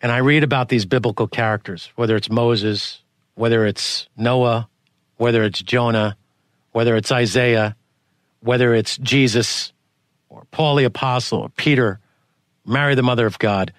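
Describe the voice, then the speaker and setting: A man hosts a podcast, talking through long winding questions with lots of restarts. His voice sits at a middling pitch and jumps up when he reaches for a point. The sound is dry and close. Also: fairly even intonation, moderate pace, fairly bright tone, dry recording. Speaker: podcast host. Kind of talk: conversational interview.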